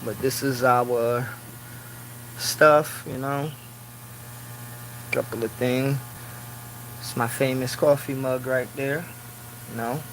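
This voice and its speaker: A man's voice: mid-range voice, fairly even intonation, slow, long pauses, slight background noise, poor audio. Man chatting casually on a live stream. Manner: talks in loose run-on phrases, many "you know" fillers; grows loud and preaching when riled. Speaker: livestreamer. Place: small office room at work.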